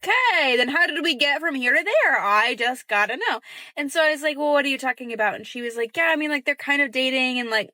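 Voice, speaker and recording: Young woman telling a story casually, acting out the quotes in a hushed voice. Bright and a bit high. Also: lively intonation, quick pace, no echo. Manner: chatty, acts out quoted dialogue in a hushed voice.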